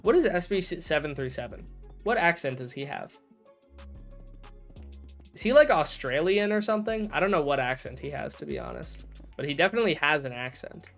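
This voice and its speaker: A man's voice: on the high side, big pitch swings, brisk, faint music behind. A man streaming a game and chatting casually, rambling and correcting himself as he talks, with jokey mock outrage. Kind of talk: casual livestream chat while gaming.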